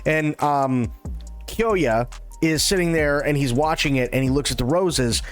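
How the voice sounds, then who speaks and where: A man streaming live, casually retelling a film in an animated, irreverent way with plenty of swearing. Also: a little high, unhurried, soft background music.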